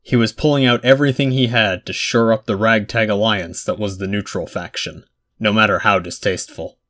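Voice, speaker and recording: A man narrating a fan fiction chapter aloud in a measured storytelling manner. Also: on the low side, fairly even intonation, pushed and bright. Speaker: audiobook narrator.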